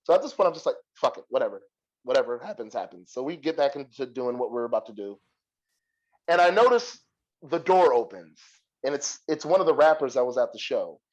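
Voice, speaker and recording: A young adult man hosting a podcast and telling a long story in a profane, animated way, laughing often. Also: fairly high pitch, fairly quick, dull audio. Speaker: podcast host. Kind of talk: casual storytelling.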